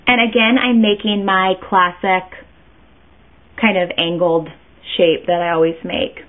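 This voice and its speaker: A woman's voice: lowish voice, flat delivery, a little slow. Chatty woman, tinny lo-fi sound. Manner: chatty, rambling, self-interrupting. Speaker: beauty vlogger. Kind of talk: casual makeup tutorial.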